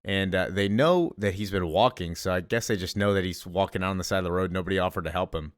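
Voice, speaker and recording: A man's voice: low-pitched, quick pace, dry recording, clean studio sound. A man hosting a casual comic book recap in a chatty way, with lots of fillers. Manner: chatty, full of fillers and laughs.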